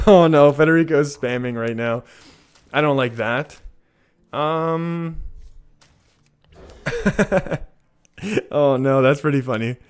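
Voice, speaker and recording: A man's voice: on the high side, takes it slowly, pauses often, smooth. A young Canadian man streaming live, chatting through his gameplay, laughing often and answering viewers' messages. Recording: faint music behind.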